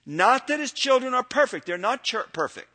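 An older man, a pastor teaching about church elders, speaking in a sermon-lecture style that swings from loud emphatic peaks to quiet low asides. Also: big pitch swings, moderate pace.

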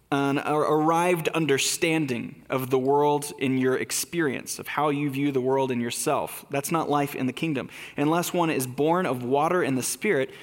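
Man preaching in a reverberant hall. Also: mid-range voice. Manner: conversational, asks rhetorical questions. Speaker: pastor. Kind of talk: sermon.

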